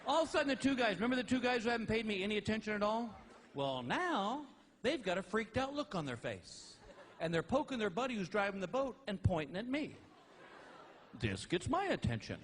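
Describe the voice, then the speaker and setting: Man, stand-up comedian, animated storytelling, exasperated outbursts, high pitch. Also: slight background noise.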